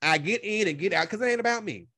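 A man with a strikingly high voice talks in a sassy, profane and emphatic way, hammering his points home by repeating them. The sound is close and dry, with no room around it. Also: fast, no echo. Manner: animated storytelling with laughter. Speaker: YouTube content creator. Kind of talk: casual solo commentary.

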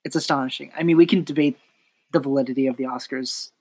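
Husky man chatting playfully about films. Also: medium pitch, steady tone, a little mellow, rough recording. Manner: playful, quick to joke and laugh. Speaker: podcast co-host. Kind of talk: casual film discussion.

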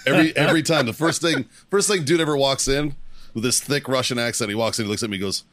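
A man co-hosting a podcast, telling stories in casual, profane, animated chat. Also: mid-range voice, fast talker, a little hiss or hum. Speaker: podcast co-host.

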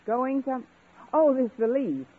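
A woman's voice: high voice, lively intonation, husky, full character voice. An actress playing a sarcastic, flustered female English teacher in a 1950s radio sitcom. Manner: quick, sarcastic, flustered bluffing. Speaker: schoolteacher. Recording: tinny old radio broadcast, audience laughter.

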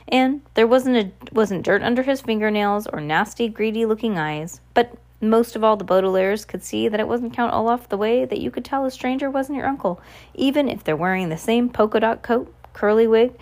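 A woman's voice: on the high side, lively intonation, moderate pace, darkish tone. A woman reading a novel aloud, who sometimes stumbles and corrects herself. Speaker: audiobook reader.

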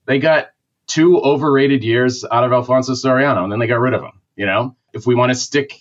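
A man's voice: mid-range voice, fairly quick. Man, Boston accent, opinionated rambling rant, dull lo-fi sound. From Massachusetts. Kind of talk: casual sports talk.

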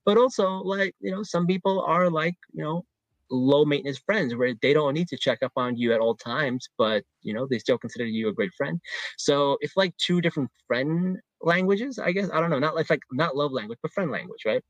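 A man's voice: on the high side, brisk, dry recording, dull audio. Enthusiastic slangy male podcast co-host. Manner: enthusiastic, slangy, full of fillers. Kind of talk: casual chat.

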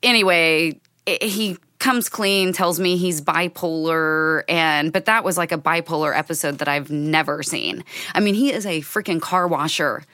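A woman from Arkansas in her thirties co-hosts a podcast, spinning anecdotes at an easy, animated clip. Her voice is bright and up front, in a dry, close studio sound. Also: sits low, moderate pace, dry recording. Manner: laid-back, animated anecdote teller. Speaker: co-host and bar owner. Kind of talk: casual storytelling.

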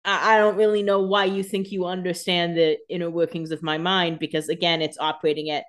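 A woman's voice: lowish voice, flat delivery, brisk. A young woman co-hosting a podcast, chatting casually and adding wry, jokey asides. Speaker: podcast co-host. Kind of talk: casual chat.

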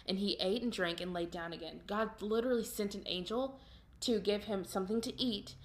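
A woman's voice: medium pitch, brisk. A woman with an ordinary mid-range voice talks through a scripture story on a faith podcast. She retells it loosely, in her own everyday words, with plenty of ums and restarts. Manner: casual, retells with many ums and paraphrases. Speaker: podcast co-host.

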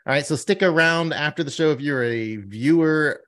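A man's voice: fairly high pitch, moderate pace, a bit bright. A man co-hosting a podcast in casual chat, reading out news items and joking about them. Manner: jokey, reads out news items and riffs on them. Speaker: podcast co-host.

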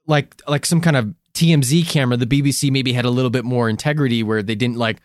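A man's voice: medium pitch, steady tone, quick pace, no echo, studio quality. A man from the United States co-hosting a podcast in casual chat, swearing often and laughing. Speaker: podcast co-host.

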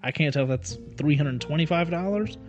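A man in casual conversation, reading old documents aloud haltingly and breaking off with filler asides. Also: a little high, darkish tone, dull audio. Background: music.

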